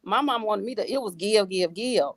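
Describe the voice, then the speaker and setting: A woman's voice: medium pitch, fairly quick, no room sound. A woman guest on a faith talk show, a single mother, speaking with a preachy, repeating style full of restarts.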